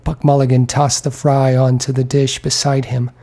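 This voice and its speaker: A man narrating a literary audiobook in a measured, deliberate way. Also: medium pitch, level tone, warm tone. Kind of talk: scripted narration.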